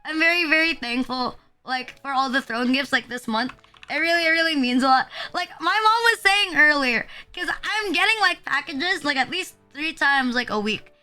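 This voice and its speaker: A woman's voice: high-pitched, lively intonation, moderate pace, bright, forceful tone, faint music behind. A young woman streamer in casual chat, rambling with lots of filler words and casual swearing.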